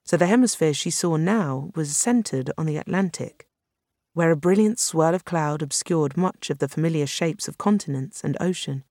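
A steady audiobook narrator reading a science fiction novel. The delivery is even and unhurried, at a middle pitch. The recording is dry and close, with no room sound. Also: no room sound.

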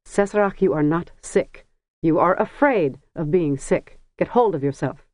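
A woman's voice: on the low side, lively intonation, normal speed, darkish tone, dry recording, natural voice. A narrator as a firm, scolding older mother. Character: brisk, no-nonsense older mother.

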